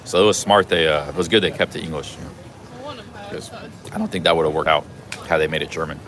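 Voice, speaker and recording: Deep-voiced man rambling on a city street. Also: fast talker, a crowd in the background. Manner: rambling, chatty, many restarts. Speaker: travel vlogger live-streaming. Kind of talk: casual walking live stream. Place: busy city street outdoors.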